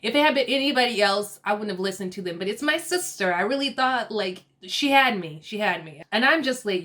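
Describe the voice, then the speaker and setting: A woman's voice: medium pitch, brisk, hardly any pauses. Laughing, chatty woman recapping a show. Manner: chatty, laughs often, acts out quotes in lively bursts. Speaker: TV recap vlogger. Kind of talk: casual episode recap.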